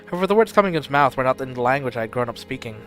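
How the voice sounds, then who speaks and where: A man streaming and reading a story game aloud in steady first-person narration, with occasional slips. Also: medium pitch, rapid-fire, soft background music.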